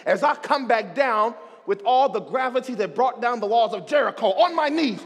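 Animated stand-up comic in an echoey hall. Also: male voice, extremely high pitch, moderate pace, hardly any pauses, husky. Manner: animated, acts out scenes with sound effects. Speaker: stand-up comedian. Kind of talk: stand-up storytelling.

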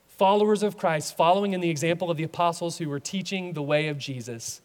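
A man preaching a sermon as a pastor, animated, acting out voices in his stories. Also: high-pitched, long reverb tail.

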